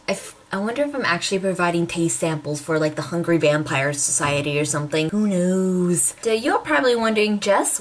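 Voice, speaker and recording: A woman's voice: fairly low pitch, fairly bright tone. A young woman from Washington State with an American Pacific Northwest accent, chatting to camera in a vlog, exasperated and sarcastic about everyday annoyances. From Washington State, USA. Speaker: vlogger. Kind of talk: casual chat to camera.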